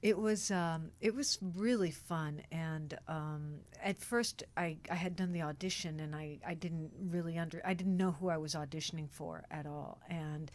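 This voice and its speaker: A woman's voice: low voice, normal speed, hardly any pauses. An actress guest on a podcast, chatting casually and acting out quotes as she tells stories. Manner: animated storyteller, acts out quotes. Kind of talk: casual interview chat.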